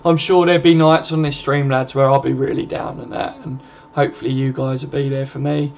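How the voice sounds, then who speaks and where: Hosting a casual live stream, a man reads viewer comments briskly, chatty and matey, swearing freely and calling his audience mate. His medium-pitched voice barely moves in pitch and sounds creaky and darkish. Faint background noise accompanies slightly muffled audio.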